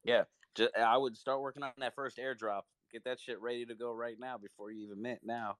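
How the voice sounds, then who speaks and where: A man's voice: mid-range voice, level tone, fairly quick, fairly bright tone, dry recording. A man chatting casually in an online audio room, joking and swearing in loose slang. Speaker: speaker in a crypto audio chat. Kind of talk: casual chat.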